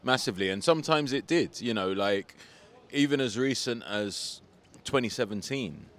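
A man with a medium-pitched voice speaks at a normal speed outdoors on a street. As a guest in a casual interview, this comedian and rapper relaxes into telling his story, often saying "like."

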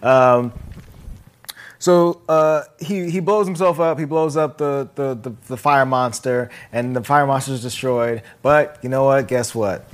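A man hosting a casual podcast, retelling a film scene in an animated, playful way. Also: medium pitch, unhurried. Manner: animated, playful storytelling with voices. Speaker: podcast host.

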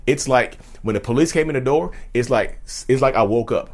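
Fast-talking man rambling through a story. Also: medium pitch, a little mellow. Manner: rambling, repeats phrases, talks straight to listeners. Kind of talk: casual personal storytelling.

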